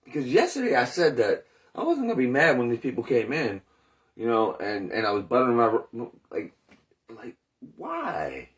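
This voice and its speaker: A man's voice: medium pitch, wildly swooping pitch, normal speed. A man in recovery telling his story in a candid, rambling monologue, swearing often and questioning himself aloud. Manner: rambling, profane, self-questioning.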